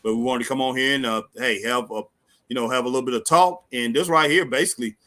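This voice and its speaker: A man's voice: mid-range voice, quick pace, fairly bright tone. A man from the States, co-hosting a wrestling talk stream in laid-back casual chat, saying "man" often. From Southern United States. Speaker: podcast co-host. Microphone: live stream.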